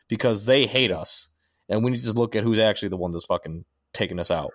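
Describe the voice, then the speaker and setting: A man's voice: fairly low pitch, fast talker, a bit bright, no echo, studio quality. Profane ranting man on a podcast. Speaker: podcast co-host. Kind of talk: casual chat.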